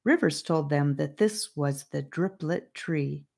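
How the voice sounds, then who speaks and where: A woman's voice: low-pitched, slow, gravelly, darkish tone. A woman narrating a storybook, reading aloud and addressing the listener. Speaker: audiobook narrator.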